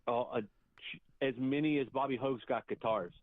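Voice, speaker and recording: A man's voice: medium pitch, normal speed. Man on a tinny phone line. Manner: relaxed, folksy, uses fillers.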